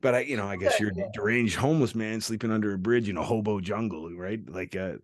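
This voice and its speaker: A man's voice: fairly low pitch, quick pace, no room sound, studio quality. A middle-aged man from Canada telling a rambling, profane story in a candid chat, laughing often and acting out the people he quotes. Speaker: podcast host.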